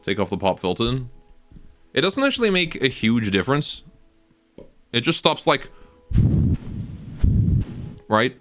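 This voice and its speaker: A man's voice: medium pitch, very animated, unhurried, long pauses, sharp tone, soft background music. A young man casually commenting on his game live, rambling, joking and often laughing, on a close cheap stage mic. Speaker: game streamer.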